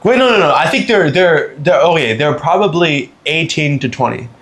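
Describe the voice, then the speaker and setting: A young man from Canada tells a story on his podcast in relaxed, casual chat. He is animated and jumps his voice up to act out what other people said. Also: fairly high pitch, moderate pace. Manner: animated, acts out quotes in raised voices. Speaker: podcast host.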